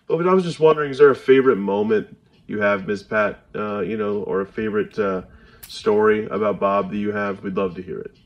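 A man's voice: on the low side, highs cut off. A man sending in a casual question to a podcast, hesitant with many fillers.

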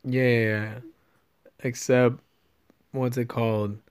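A man's voice: medium pitch, level tone, takes it slowly, a little mellow, clear, resonant tone. A young man co-hosting a podcast, talking casually and crudely, joking and laughing often. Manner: laughing, joking, loose and profane. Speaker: podcast co-host.

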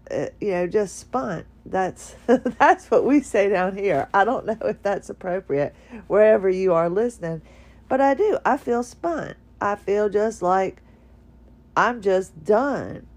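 A drowsy woman rambles slowly from bed in a casual podcast monologue. Her voice sits at an ordinary pitch, and she often stops and restarts her thoughts. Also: a little mellow. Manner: rambling, halting, with many restarts and yawns. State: tired, drowsy. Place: bedroom.

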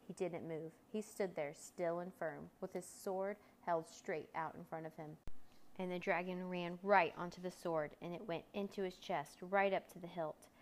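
Female narrator, slightly low voice, animated children's-story read-aloud. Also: low-quality recording. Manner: lively, voicing characters with raised pitch for shouts.

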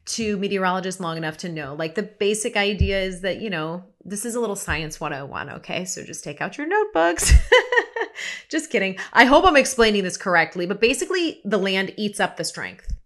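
A woman's voice: mid-range voice, animated, a little fast, hardly any pauses, a bit bright. A woman hosting her own talk podcast, chatting casually with listeners in the easy, polished way of a former TV news presenter. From United States. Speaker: podcast host. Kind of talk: casual solo podcast chat.

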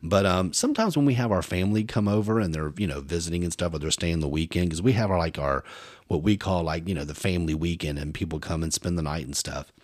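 A man, co-hosting a podcast and telling animated stories, acting out voices as he goes. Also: deep voice, fast, no echo, clean studio sound. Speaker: podcast co-host. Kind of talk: casual storytelling chat.

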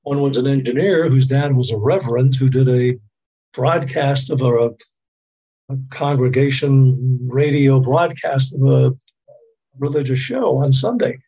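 A man's voice: mid-range voice, measured pace, dark tone, husky, low-quality recording. An older man from the Boston area, a radio veteran telling long rambling stories as a podcast guest. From Boston area, USA. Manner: rambling anecdotal storytelling with laughs. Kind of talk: casual storytelling.

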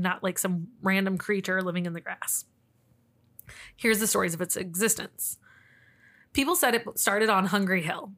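A woman's voice: medium pitch, a bit bright. A woman co-hosting a podcast, telling cryptid stories in casual chat, laughing often and restarting her sentences. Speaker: podcast co-host.

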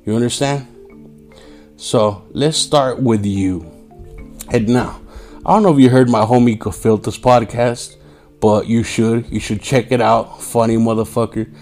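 A man's voice: mid-range voice, unhurried, darkish tone, soft background music. A tired man hosting a casual solo podcast, profane and streetwise, saying "yo" a lot. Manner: profane, streetwise, says "yo" often; mimics angry drivers in raised voice. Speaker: podcast host.

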